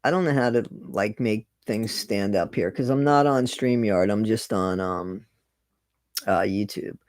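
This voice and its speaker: A man's voice: on the low side, a little slow, no room sound. A middle-aged man chatting casually with viewers on a live stream, greeting them by name and repeating his phrases.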